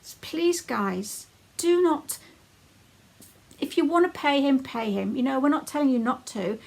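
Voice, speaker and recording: A woman's voice: sits high, lively intonation, measured pace, gravelly, darkish tone. A woman hosting a critical commentary video, talking in an indignant, emphatic warning tone. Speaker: commentary channel host.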